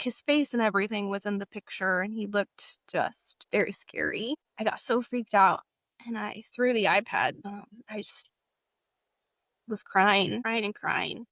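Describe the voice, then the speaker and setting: A young woman sharing a painful personal story, halting and emotional, with frequent fillers. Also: mid-range voice, fairly bright tone, dry recording, clean studio sound. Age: young adult.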